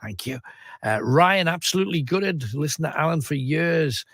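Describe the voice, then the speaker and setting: A man's voice: fairly high pitch, animated, moderate pace, a bit bright, dry recording, clean studio sound. A man hosting a late-night radio phone-in, reading out listener messages and teasing his callers. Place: radio studio. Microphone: studio mic.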